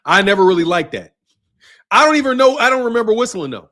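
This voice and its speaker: A man's voice: high voice, very animated, fast, sharp tone. A man hosting a casual boxing livestream, ranting profanely, laughing and tacking "bro" onto his lines.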